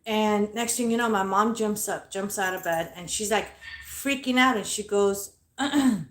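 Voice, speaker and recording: A woman's voice: medium pitch, a little slow, a bit bright, echoey room. A woman telling a ghost story from her bedroom at home in a casual, blunt way, swearing constantly. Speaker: paranormal investigator vlogger.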